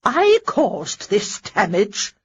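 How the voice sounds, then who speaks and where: Lady doing a bossy old grand dame, barky and loud, breathy and slow. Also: mid-range voice, wildly swooping pitch, lo-fi sound, heavily acted. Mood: grandiose. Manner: barking, grand pronouncements.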